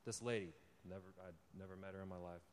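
A young man with a low, steady voice talks fast as he gives an informal sermon testimony to a live audience, with slight background noise and long hall reverb. This lay preacher tells his story conversationally, laughing often, and builds to fervent encouragement.

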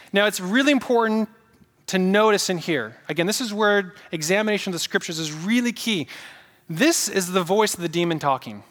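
A man's voice: high voice, fairly quick, fairly bright tone, big-room sound. A male pastor preaching a sermon, emphatic, repeating key points and asking the congregation questions.

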